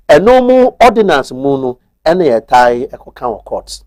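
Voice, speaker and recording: A man's voice: mid-range voice, lively intonation, moderate pace, few pauses, a little mellow, no echo. Ghanaian male guest, methodical legal explainer, mid-range voice, dry studio sound. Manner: methodical, switches between Twi and English. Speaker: guest explaining marriage law. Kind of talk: explanatory TV talk-show discussion.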